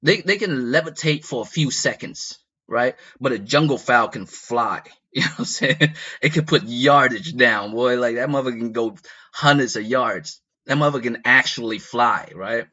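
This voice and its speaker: A man spinning a loose, profane story with a bright, forceful tone, circling back on himself and chuckling at his own tale. His pitch sits in the middle range. The recording sounds slightly dull and muffled. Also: normal speed. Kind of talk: casual comedic storytelling.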